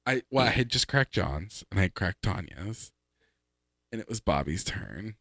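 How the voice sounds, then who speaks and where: A man co-hosting a podcast, telling work stories in an animated way and laughing along as he goes. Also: deep voice, moderate pace, gravelly, no echo, clean studio sound. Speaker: podcast co-host. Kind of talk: casual chat, storytelling.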